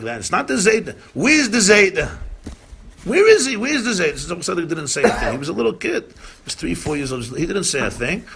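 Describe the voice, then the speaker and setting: A male rabbi tells a tale at a gathering, his voice gravelly yet bright. He acts out each character with lively flair and slips in Yiddish and Hebrew phrases. A faint hiss sits under the recording. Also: mid-range voice, brisk. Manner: animated storyteller, acts out dialogue, mixes Yiddish and Hebrew phrases. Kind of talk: storytelling talk at a gathering. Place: community gathering room.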